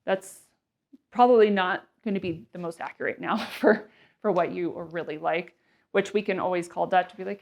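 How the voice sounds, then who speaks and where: A woman in her thirties or forties gives a relaxed health talk as a nurse practitioner. She rambles a little, stacks fillers and asides, and slips into short quoted voices for the listener. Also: on the low side, moderate pace, gravelly. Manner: chatty, many fillers and asides, acts out quotes. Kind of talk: casual health presentation.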